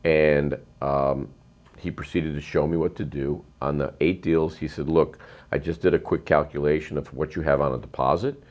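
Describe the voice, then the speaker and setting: A man's voice: a bass voice, steady tone, moderate pace, darkish tone, dull audio. A middle-aged man, a real estate investor, telling long rambling stories in an interview, emphatic and full of ums and uhs. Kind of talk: storytelling interview.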